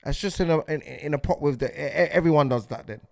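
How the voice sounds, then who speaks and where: A man's voice: on the high side, quick pace, vocal fry, darkish tone, no room sound. A man, delivering a heated podcast monologue as host, repeating himself and asking if you get what he's saying.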